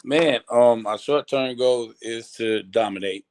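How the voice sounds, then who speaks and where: A man's voice: mid-range voice, measured pace, darkish tone. A man, a football coach, answering interview questions casually with frequent ums and restarts. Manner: hesitant, many ums and restarts.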